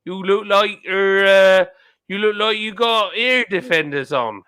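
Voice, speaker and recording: Guy putting on a west country farmer drawl, teasing, bright and loud. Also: high-pitched, unhurried, clear, resonant tone, dry recording, clean studio sound. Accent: put-on West Country English. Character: rural West Country Englishman, friendly and teasing.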